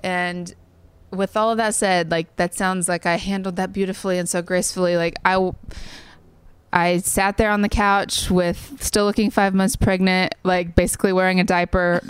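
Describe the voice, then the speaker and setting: A woman's voice: on the low side, little pitch movement, moderate pace, smooth, no echo. A woman in her thirties telling a personal story in a casual interview, earnest and full of fillers. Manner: chatty, many "like" fillers, earnest. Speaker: songwriter guest.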